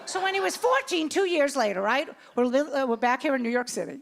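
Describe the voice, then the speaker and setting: A woman in her sixties performing stand-up on a club stage, telling her stories with lively, swooping delivery. Her voice sits high and jumps around a lot. The live recording carries plenty of background noise. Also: fast, vocal fry. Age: 60s. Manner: animated storytelling with voiced characters. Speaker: stand-up comedian. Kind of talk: stand-up comedy set.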